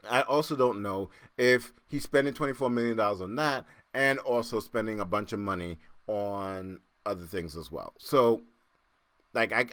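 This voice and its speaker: A man hosting a casual solo podcast, joking and laughing as he reacts to listener comments, jumping between loud excited bursts and low muttering. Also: no echo. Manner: animated, joking, laughs often, repeats himself. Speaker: podcast host.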